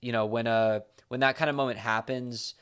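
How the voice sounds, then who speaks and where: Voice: medium pitch, fairly even intonation, moderate pace, a bit bright, smooth. An interviewer hosting a casual conversation, chatty and affirming, asking long, rambling questions. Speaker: interviewer, host.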